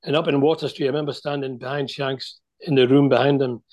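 A man's voice: medium pitch, fairly even intonation, fast, a little mellow. An older man, a former footballer, telling chatty anecdotes about his playing days over a video call. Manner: chatty anecdotal storyteller, many restarts. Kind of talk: storytelling interview.

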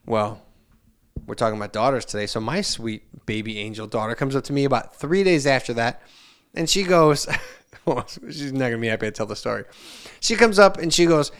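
Podcast guy in his 40s, smooth clear voice, rambling story with lots of restarts. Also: medium pitch, a little fast. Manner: animated, meandering anecdotes with many restarts and asides; loudly acts out family members' lines in shifting voices. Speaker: podcast co-host. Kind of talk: casual chat, rambling storytelling.

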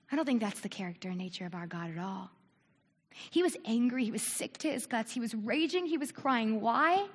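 A woman from the United States preaching a sermon, animated, asking rhetorical questions and acting out quoted voices. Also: very high voice. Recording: long reverb of a large hall.

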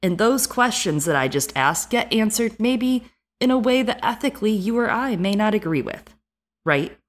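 A woman with a Midwestern American accent co-hosting a podcast, animated and frank, swearing freely. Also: mid-range voice, moderate pace. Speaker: podcast co-host. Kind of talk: casual podcast chat.

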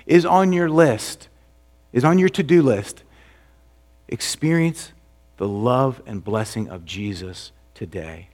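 A man pastor delivering a conversational sermon, asking rhetorical questions and dropping to a soft, low voice for emphasis. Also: slow pace.

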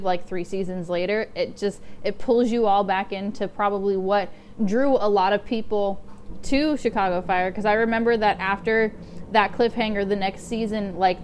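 Emphatic woman, faint noise behind. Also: mid-range voice. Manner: indignant, emphatic asides. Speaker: podcast co-host. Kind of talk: casual TV recap chat.

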